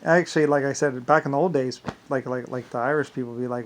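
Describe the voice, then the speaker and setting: A man speaks in an ordinary middle-pitched voice, winding through a long solo vlog monologue. He loops back on himself often and keeps padding his sentences with stock filler phrases. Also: fairly even intonation, fast talker, slight background noise. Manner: meandering, repeats "like I said" and "blah, blah". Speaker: vlogger.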